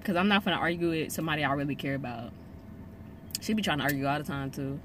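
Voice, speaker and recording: A woman's voice: low voice, fast talker, a bit bright, a little hiss or hum. A young woman telling a story to camera in a casual vlog, emphatic and slangy, often repeating herself for stress. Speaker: vlogger.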